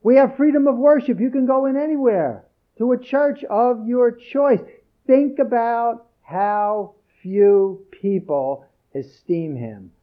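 Male preacher, higher voice, emphatic scripture reading, muffled low-fi audio. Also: slow pace. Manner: earnest, emphatic, repeats key phrases. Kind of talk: sermon.

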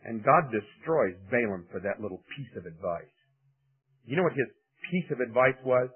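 Husky animated man preaching over radio. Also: mid-range voice, moderate pace. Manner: animated, dramatic, acts out voices. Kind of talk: sermon storytelling. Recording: tinny phone-like radio broadcast.

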